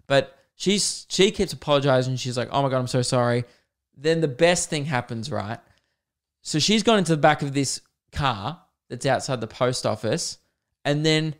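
A young man hosting a podcast, telling a comic story in an animated, self-mocking way and swearing freely. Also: medium pitch. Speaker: podcast host. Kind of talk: comedic storytelling.

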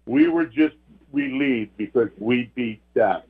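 A man's voice: medium pitch, slow pace, slightly rough. An older man, earnestly telling a personal ghost story as a caller. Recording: tinny phone line.

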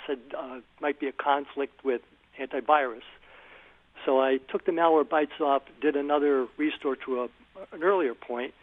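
A man's voice: mid-range voice, fairly even intonation, normal speed, no room sound. Hesitant male caller on a phone line. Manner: hesitant, step-by-step, many fillers. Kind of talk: call-in phone question.

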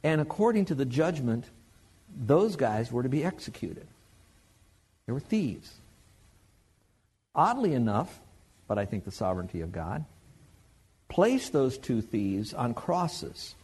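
Male preacher, husky voice, conversational and animated sermon delivery. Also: medium pitch. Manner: conversational, animated, joking with the congregation.

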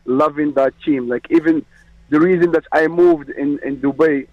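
A man from Morocco calling in to a radio show, speaking earnestly with many halting restarts. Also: on the high side, steady tone, no echo. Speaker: caller. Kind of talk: call-in phone chat. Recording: dull lo-fi phone line.

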